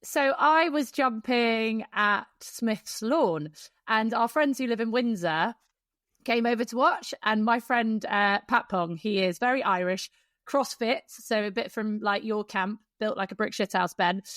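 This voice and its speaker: A woman co-hosts a casual podcast, telling rambling stories with plenty of ums. Her voice sits a little high. It sounds dry and close to the mic. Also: unhurried, a bit bright, dry recording. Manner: chatty storyteller, lots of fillers. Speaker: podcast co-host. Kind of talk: casual chat.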